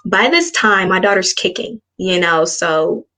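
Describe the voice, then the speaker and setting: Low-voiced young woman telling her story. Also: measured pace, pushed and bright. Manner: earnest, frank, acts out past dialogue. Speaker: spiritual coach guest. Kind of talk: personal storytelling in an interview.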